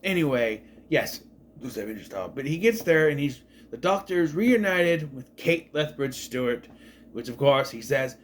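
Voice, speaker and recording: Guy doing a rambly excited tv review, voice all over the place pitch-wise, keeps correcting himself. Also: moderate pace, a little hiss or hum. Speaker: TV show reviewer. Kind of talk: casual spoken review.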